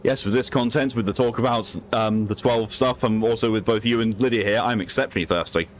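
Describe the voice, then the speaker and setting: A man streaming a video game, chatting casually in an animated way, swearing and reading game text aloud. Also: mid-range voice, a little fast, a little hiss or hum. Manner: animated, swearing, laughing often.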